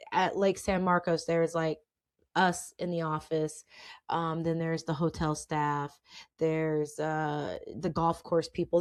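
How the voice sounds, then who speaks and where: A woman hosting a podcast, telling her own work stories in a chatty, emphatic way, often checking in with "okay?" and laughing. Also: fairly low pitch. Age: adult with children. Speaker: podcast host. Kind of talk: casual storytelling monologue.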